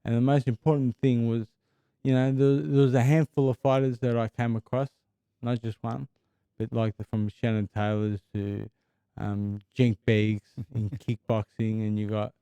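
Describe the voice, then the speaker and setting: A man, a former fighter, answering interview questions in an earnest, halting way with repeated words. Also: mid-range voice, level tone, warm tone, smooth, no echo. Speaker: guest, former kickboxing champion. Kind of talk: casual interview.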